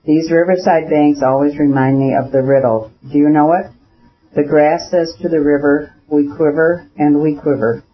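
A man's voice: fairly high pitch, fairly even intonation, moderate pace, natural voice. A man reading a lecturing elder brother. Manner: lecturing, persuasive. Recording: dull lo-fi recording.

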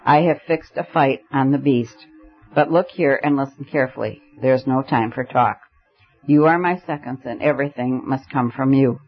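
A man reading an audiobook, voicing a reckless, tipsy young gentleman who picks a quarrel in mock earnest. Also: normal speed, husky. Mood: urgent. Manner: mock-earnest, then low and urgent. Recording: dull lo-fi recording.

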